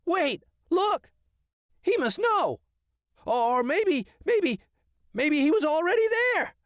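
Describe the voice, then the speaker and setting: A man voicing a hyper, excitable male crow with a shrill squawking voice in an audiobook story. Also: slow pace, dry recording, clean studio sound, exaggerated voice. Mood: excited.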